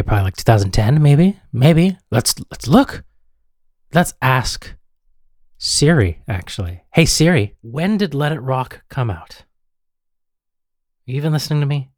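A man with an Australian accent hosting a small radio show in a rambling, self-mocking way, often tripping over names. His voice is mid-pitched and recorded close and dry, with no room echo. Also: a little mellow. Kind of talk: casual radio banter.

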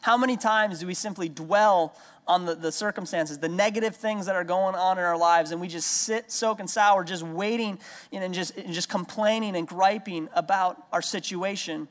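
High-voiced and slightly bright, the pastor, a man in his thirties, moves at a moderate pace through an earnest sermon. He tells stories drawn from daily life and repeats key phrases to drive them home, all under long hall reverb.

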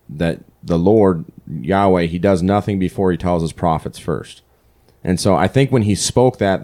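A man's voice: low-pitched, mellow. A man co-hosting a podcast, rambling and thinking aloud in casual chat. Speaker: podcast co-host.

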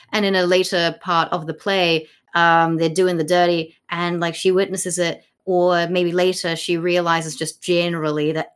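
A woman's voice: lowish voice, steady tone, measured pace, hardly any pauses, smooth. A woman co-hosting a podcast, rambling casually about a play with lots of fillers and jokey character voices. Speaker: podcast co-host. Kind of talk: casual literary discussion.

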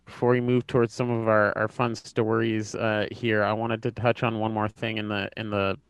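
A man's voice: on the low side, little pitch movement, normal speed, clear, resonant tone, dry recording. A man co-hosting a casual podcast, enthusiastic and rambling, full of "like"s. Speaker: podcast co-host.

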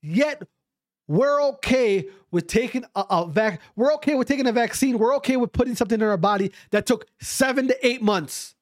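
A man's voice: very high voice, moderate pace, dry recording, clean studio sound. A man in a casual, profane ranting monologue, repeating his points emphatically and mocking others' views sarcastically. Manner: sarcastic, mimics others' voices mid-rant.

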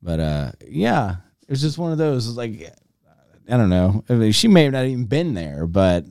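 A man telling lively stories as a podcast guest, laughing often and acting out what other people said. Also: mid-range voice, normal speed, dry recording, clean studio sound. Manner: animated, laughing, acts out quotes in other voices. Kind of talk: casual chat, storytelling. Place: small podcast studio. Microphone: studio mic.

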